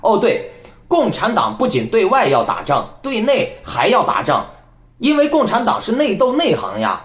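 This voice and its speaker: A man's voice: high-pitched, wildly swooping pitch, moderate pace, echoey room. A man hosting a political commentary channel, talking in an emphatic, lecturing way.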